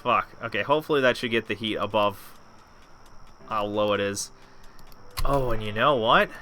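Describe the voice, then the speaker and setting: A man's voice: on the low side, moderate pace, long pauses, bright, forceful tone, a little hiss or hum. A man giving casual gameplay commentary as a let's play host, chatting to himself, talking back at the game and swearing freely.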